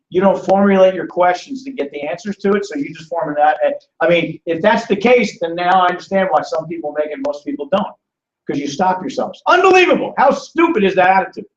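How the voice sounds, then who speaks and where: A man's voice: high voice, brisk. A man hosting a live financial seminar, telling stories with acted-out voices and calling on audience members by name. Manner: acts out quoted voices in storytelling. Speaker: seminar host. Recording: roomy, distant, dull lo-fi.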